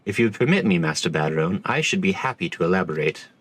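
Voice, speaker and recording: A man voicing a formal, measured naval commander in a game, reading the lines plainly. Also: low-pitched, expressive, fairly bright tone, slightly rough, exaggerated voice. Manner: formal, measured, stumbles over names. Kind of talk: reading game dialogue aloud in voices.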